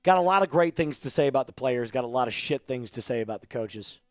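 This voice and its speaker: A man's voice: medium pitch, expressive, fast talker, dry recording, clean studio sound. A man hosting a casual live stream, joking around and reading out viewer messages. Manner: joking, reads out viewer chat. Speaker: livestream host.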